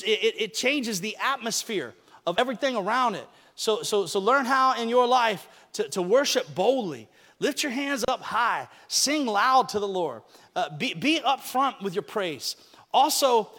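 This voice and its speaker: Male pastor from Alabama, high and bright, bold preaching delivery, long church-hall reverb. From Alabama, USA. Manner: bold preaching, swings from shouting to quiet asides. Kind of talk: sermon.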